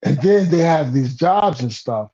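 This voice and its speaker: A man rants in a heated casual chat. His voice sits high and husky, with a mellow, dark tone. He rambles, repeats words and swears, pushing into loud bursts, all heard through a dull lo-fi stream recording. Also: lively intonation, a little slow. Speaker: guest on a talk stream.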